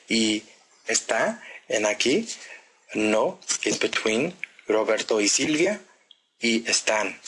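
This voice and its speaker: A man teaching a grammar lesson, talking slowly and deliberately and pausing for the listener to repeat after him. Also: medium pitch, fairly bright tone, a little hiss or hum, rough recording. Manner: slow, deliberate drilling with pauses for repetition. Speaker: Spanish teacher.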